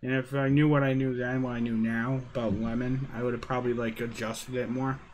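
A man's voice: medium pitch, little pitch movement, brisk, slight background noise. A man hosting a casual live stream, laid-back and reassuring as he chats with his guest.

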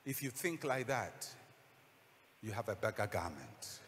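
A man's voice: lowish voice, sing-song, unhurried, a bit bright, long reverb tail, a little hiss or hum. A man preaching a sermon as a pastor, telling a story dramatically and acting out the voices.

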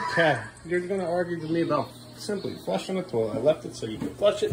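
A man's voice: a little high, expressive, fairly quick. A man filming a casual family vlog at home, talking patiently and playfully to his young sons and coaxing them along. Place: at home, indoors. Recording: home video with clear background noise.

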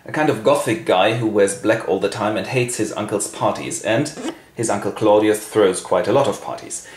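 A man from Germany with a German accent, hosting a comic literary summary with wry, deadpan asides. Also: lowish voice, normal speed, reverberant, slight background noise. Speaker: host and narrator.

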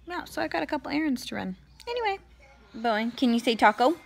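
A woman's voice: high voice, sing-song, quick pace, vocal fry. A young mother, playfully coaxing her toddler to say words in a casual home vlog. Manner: sing-song baby talk, playful and coaxing. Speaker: vlogger, mother.

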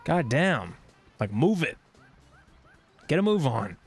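A man streams a video game with rambling, irritable running commentary, grumbling and swearing. His voice is a little high with big pitch swings, slow and with a breathy edge, over soft background music.

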